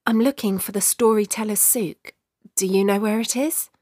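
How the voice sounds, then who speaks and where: A woman's voice: medium pitch, steady tone, moderate pace, darkish tone, no room sound, studio quality, voice pushed up, close to an everyday voice. A woman reading the lines of an eager, earnest young female traveller who wants to be a writer.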